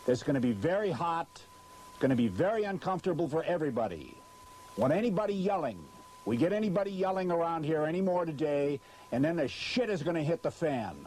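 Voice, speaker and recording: Furious cursing man with a lively pitch. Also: fairly quick, slight background noise. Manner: cursing nonstop, frustrated, barking at crew. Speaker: voice-over announcer. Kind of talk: angry outtakes from a commercial recording session. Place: recording set with hot lights and a car.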